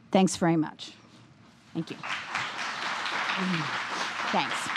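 A woman giving a formal lecture with a slightly wobbly voice, speaking in a measured, deliberate way and taking questions afterwards. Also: fairly low pitch, a crowd in the background, background noise. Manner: measured, deliberate, with many fillers when answering. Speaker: guest lecturer. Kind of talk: formal lecture, then audience Q&A.

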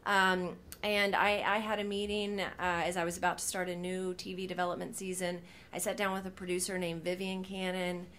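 A woman's voice: on the low side, monotone, a little fast, few pauses, a bit bright, slight background noise. A woman in her thirties, a TV writer speaking on a panel, telling a story animatedly with many fillers and restarts, acting out the lines she quotes.

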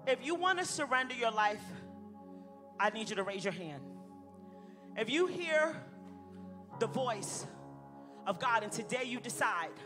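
A woman pastor preaching a sermon and leading an altar call in a church, with an impassioned, repetitive preaching cadence. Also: a little high. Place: church sanctuary with music behind. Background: worship music.

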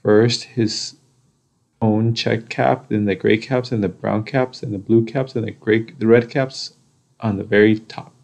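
Slow gravelly man reading a storybook. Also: on the low side, steady tone, darkish tone. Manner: slow, deliberate, with repetitions and pauses. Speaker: storybook reader. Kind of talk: children's story read-aloud.

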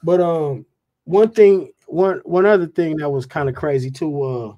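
A man, a guest rapper, telling a profane, animated anecdote in casual talk. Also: fairly high pitch, a little slow, dull audio. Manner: profane, animated, repeats "you know what I'm saying".

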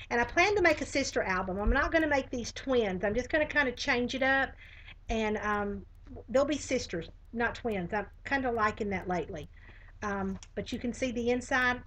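A woman's voice: fairly high pitch, fairly bright tone, a little hiss or hum, rough recording. A woman with a Southern US accent, chatting casually through a live craft tutorial with many fillers. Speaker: craft demonstrator.

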